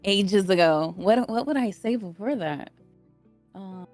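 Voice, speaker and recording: A woman's voice: mid-range voice, unhurried, darkish tone, soft background music. A woman in her thirties, a podcast guest rambling through stories in casual chat. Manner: chatty, rambling storyteller.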